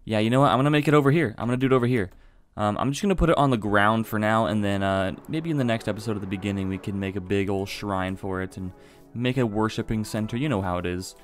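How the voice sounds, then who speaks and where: A man giving casual let's-play commentary, excitable and chatty, talking to viewers while he plays. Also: fairly low pitch, fast talker, hardly any pauses, faint music behind. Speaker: gaming video host.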